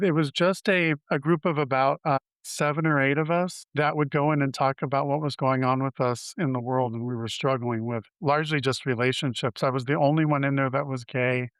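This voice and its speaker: A man in his fifties telling his personal story as an interview guest. He speaks candidly and haltingly, often restarting his sentences. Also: fairly high pitch, fairly bright tone, clean tone, dry recording. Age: 50s.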